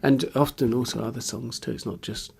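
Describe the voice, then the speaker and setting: A man's voice: mid-range voice, fairly even intonation, brisk, creaky, darkish tone, breathy edge. A man, a musician, speaking in a candid interview, hesitant and searching for words, openly earnest and emotional.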